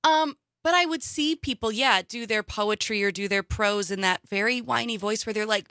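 A woman co-hosting a radio talk show in casual, animated chat. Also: mid-range voice, moderate pace, hardly any pauses, no room sound, clean studio sound. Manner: animated, chatty. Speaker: co-host.

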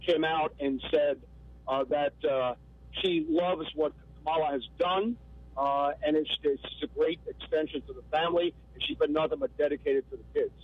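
A man with a New Jersey accent calling in to a radio show, earnest and halting. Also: on the high side, steady tone, husky, no echo. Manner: earnest, hesitant restarts. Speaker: caller. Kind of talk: phone-in call. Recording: muffled phone line.

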